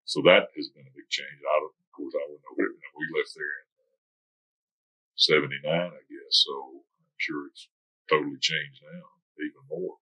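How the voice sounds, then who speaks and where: Older man, retired military, very low and bright voice, rambling anecdotes. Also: fairly even intonation, normal speed, poor audio. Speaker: interviewee, retired military veteran. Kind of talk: oral history interview.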